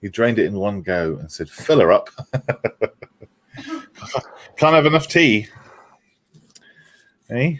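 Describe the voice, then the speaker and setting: Chatty male stream host with a deep voice, easy laughter. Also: very animated, slow pace, pauses often, a bit bright. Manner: chatty, reads out viewer comments, laughs often. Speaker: livestream host. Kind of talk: casual chat while model making.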